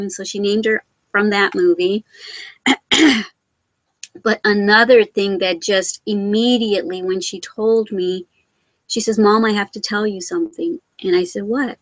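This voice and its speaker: A woman's voice: a little high, no room sound. A middle-aged woman hosting her crafts channel, chatting casually and rambling with frequent laughs on a live stream from home.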